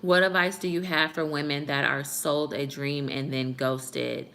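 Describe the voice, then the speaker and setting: Woman, young, low voice, bright and forceful, earnest vlog chat, talking to the camera at home. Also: steady tone, measured pace. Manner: earnest, preachy, speaks to viewers directly. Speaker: YouTube vlogger. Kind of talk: casual chat answering comments. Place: apartment at home.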